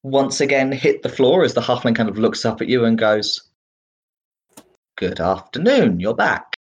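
A man narrating as game master in a relaxed, rambling way with many fillers. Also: medium pitch, fairly quick, dull audio.

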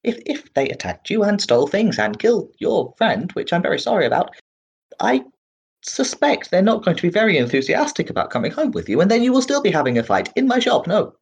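A man's voice: high-pitched, sing-song, brisk, vocal fry, breathy edge, voice pushed up, heavily acted. A man doing a flustered halfling shopkeeper. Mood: pleading. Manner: flustered, repeating no, stammering. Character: fussy anxious halfling shopkeeper, male, small.

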